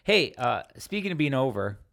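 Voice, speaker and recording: Relaxed man reminiscing, laughing easily. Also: medium pitch, moderate pace, creaky, no room sound, clean studio sound. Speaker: podcast host. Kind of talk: casual chat.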